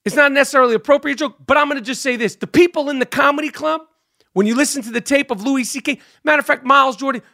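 A man's voice: very high-pitched, quick pace, pushed and bright. A man hosting a podcast, ranting in a profane, joking way about the news. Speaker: podcast host. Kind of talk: casual podcast commentary.

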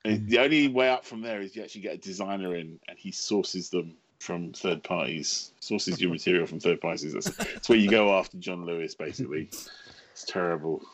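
A man's voice: low voice, brisk. A middle-aged English man, a writer and guest on a podcast, talking in a casual, self-mocking way and laughing often. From England.

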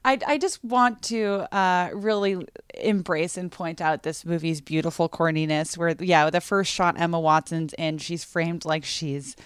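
Woman from Massachusetts, podcast guest, casual chat, lowish voice, dry close sound. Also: steady tone, measured pace, few pauses, clean tone, no room sound. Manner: chatty, acts out quoted lines, laughs often.

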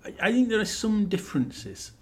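A man co-hosting a podcast, dry and teasing, explaining his points with measured pauses. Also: high voice, very animated. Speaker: podcast co-host. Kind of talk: casual podcast chat.

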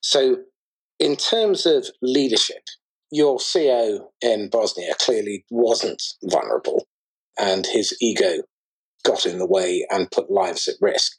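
A man with a low, husky voice interviews a guest. He asks questions with curiosity and enthusiasm. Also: expressive, measured pace, rough recording. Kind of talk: casual conversation.

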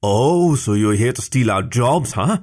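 A man's voice: medium pitch, lively intonation, measured pace, a little mellow. A man voicing a smug, taunting young bear who bullies a boy.

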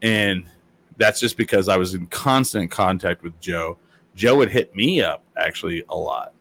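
Rambling man, fairly low voice. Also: moderate pace, vocal fry, a bit bright. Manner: rambling storyteller with many fillers and quoted voices. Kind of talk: casual chat.

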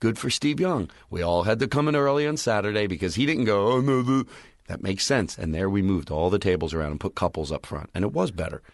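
A man's voice: fairly low pitch, expressive, fast, few pauses, no room sound, clean studio sound. A man, a stand-up comedian, chatting casually and rambling through stories, acting out his own club announcements. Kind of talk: casual podcast chat.

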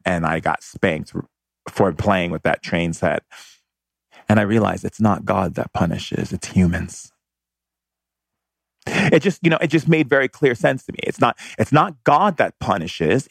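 A man telling a personal childhood story as a monologue, animated and laughing as he recalls it. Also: fairly low pitch, creaky, no echo, clean studio sound.

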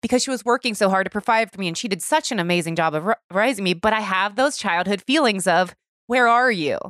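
A woman's voice: medium pitch, fast, a bit bright, dry recording, clean studio sound. A woman in her thirties hosting a podcast, talking in a reflective, casual way with lots of "like" and the odd swear word. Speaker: podcast host. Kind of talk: casual interview chat.

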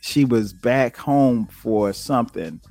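A man from South Carolina tells stories on his podcast in a loose, conversational way. His voice sits in the middle range and leaps up high when he quotes himself. The sound is dry and close to the mic, with faint music underneath. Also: slow, no echo. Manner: animated, jumps high when quoting himself. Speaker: podcast host. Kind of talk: casual storytelling.

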